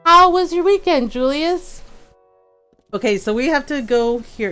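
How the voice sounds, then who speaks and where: High-pitched lady streamer, giggly chatty storytelling, faint music behind. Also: moderate pace. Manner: animated, laughing often, greets chat. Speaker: game streamer. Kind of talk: casual storytelling while streaming.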